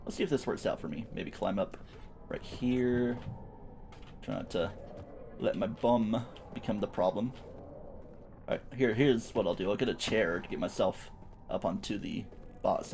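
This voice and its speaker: A man's voice: fairly low pitch, moderate pace, pauses often, a little mellow, slight background noise. A young man streaming a game, giving playful, chatty commentary with silly sound words. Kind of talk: gameplay commentary.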